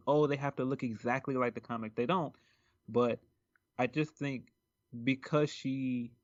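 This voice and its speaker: A man's voice: mid-range voice, dry recording, dull audio. A man co-hosting a podcast in casual chat, rambling with lots of ums and likes. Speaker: podcast co-host.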